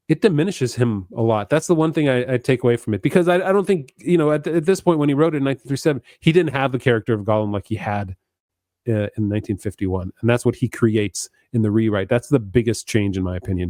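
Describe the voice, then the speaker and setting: A man's voice: mid-range voice, fast talker, darkish tone, no echo, studio quality. A man co-hosting a podcast, talking eagerly about a book with frequent stammered restarts. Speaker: podcast co-host. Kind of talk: casual book discussion.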